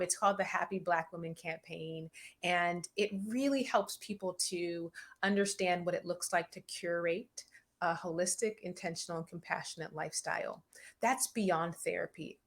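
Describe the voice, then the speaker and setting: A woman therapist speaking as a podcast guest, reflective and measured, with occasional light laughs. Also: medium pitch, fairly bright tone. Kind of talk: interview conversation.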